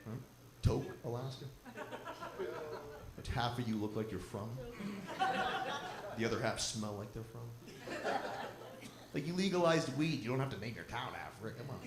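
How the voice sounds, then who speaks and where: A man's voice: animated, normal speed, long pauses. A man doing a stand-up set on stage with a handheld mic, brash and crowd-teasing, swearing freely. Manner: brash, crowd-teasing, swearing, puts on drunk and squeaky voices. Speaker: stand-up comedian. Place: lodge venue with live audience. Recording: roomy live venue with crowd. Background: audience laughing.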